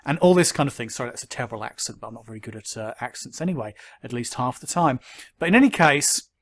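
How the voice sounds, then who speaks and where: A man talking through a critical commentary at a measured pace. He hesitates often with ums and uhs, but his argument stays firm. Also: medium pitch, lively intonation. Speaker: skeptic commentator.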